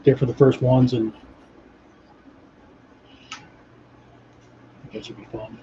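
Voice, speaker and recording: Relaxed male streamer host, dark mellow voice, dry throat, muffled lo-fi audio with faint hiss. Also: mid-range voice, slow pace. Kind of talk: casual chat while drawing.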